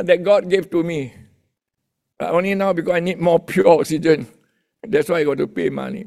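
A man's voice: fairly high pitch, creaky. A male pastor preaching a sermon in a chatty way, often restarting his sentences and getting the congregation to talk to their neighbors.

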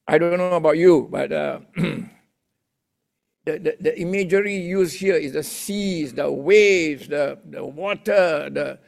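Pastor guy preaching, a bit gravelly, kinda high voice, chatty and full of restarts. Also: takes it slowly. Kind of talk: sermon.

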